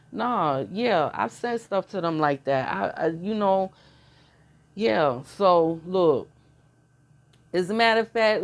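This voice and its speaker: A middle-aged woman holds forth in a loose, casual monologue with a lowish voice. She talks bluntly in slang and laughs often as she tells her stories. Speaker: channel host.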